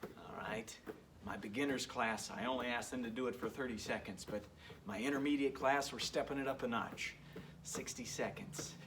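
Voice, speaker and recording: A man's voice: medium pitch, fairly quick, distant mic, noisy background. A man leading a workout as a PE coach, upbeat and encouraging, joking as he goes, sometimes a bit out of breath. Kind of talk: home workout instruction.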